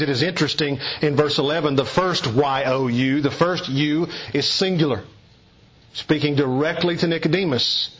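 A pastor from East Kentucky with a Southern accent, preaching an expository sermon in an earnest, emphatic, deliberate teaching cadence. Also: male voice, fairly high pitch, fairly bright tone, breathy edge. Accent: Eastern Kentucky Southern US. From East Kentucky, USA. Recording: dull lo-fi recording.

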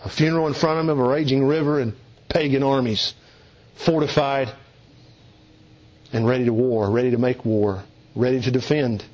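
A man preaching a sermon, emphatic, dropping low and hushed, then rising with urgency. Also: fairly even intonation, normal speed, pauses often. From Eastern Kentucky. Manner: emphatic, swings between low hushed lines and raised urgent ones. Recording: dull lo-fi sound.

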